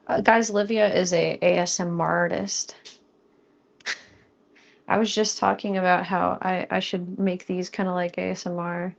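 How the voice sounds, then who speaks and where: A woman's voice: on the low side, flat delivery, gravelly, highs cut off. A young woman chatting playfully with her viewers as she cooks on a live stream, close to the mic. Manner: chatty and playful, jokes with chat, quickens when flustered. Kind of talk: casual live-stream chat while cooking. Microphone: close studio mic.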